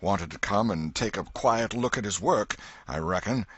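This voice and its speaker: A man's voice: on the low side, lively intonation, moderate pace, fairly bright tone, husky, dry recording, muffled recording. Man doing a sneering townsman. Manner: sneering, sarcastic. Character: scornful townsman bystander in a crowd.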